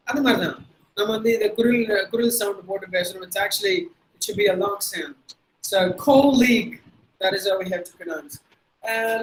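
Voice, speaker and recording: A man's voice: high voice, low-quality recording. A man with a Tamil accent teaching pronunciation in an online webinar, spelling words out letter by letter and repeating them. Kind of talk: online lecture. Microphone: video call.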